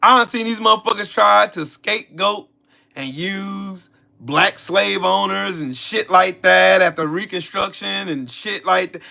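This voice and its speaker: A man hosting a live stream, loudly taunting his viewers, mocking them in put-on voices and repeating himself. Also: high voice, unhurried, vocal fry. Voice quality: loud, confrontational, mocking. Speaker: livestream host. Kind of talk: live-stream political rant.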